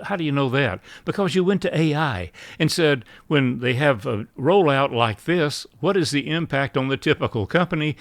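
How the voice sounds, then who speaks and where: A man giving a measured sales training talk, acting out short sample lines between buyer and seller. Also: mid-range voice, no room sound. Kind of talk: instructional talk.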